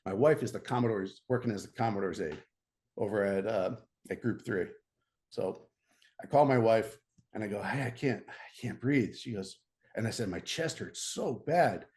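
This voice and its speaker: A middle-aged American man, a podcast guest, telling a story in a casual, animated way, often laughing and restarting his sentences. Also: lowish voice, normal speed.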